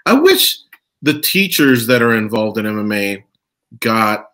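A man's voice: on the low side, big pitch swings, unhurried, a bit bright. A man hosting a radio interview, playful and upbeat, sometimes stumbling over his questions. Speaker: radio show host. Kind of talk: casual interview.

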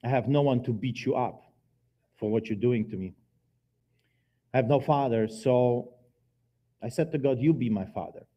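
A man preaching his personal testimony in a church, telling the story dramatically with emphatic swings in loudness. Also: medium pitch, unhurried, pauses often, dull audio. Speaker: guest preacher giving testimony. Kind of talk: testimony sermon.

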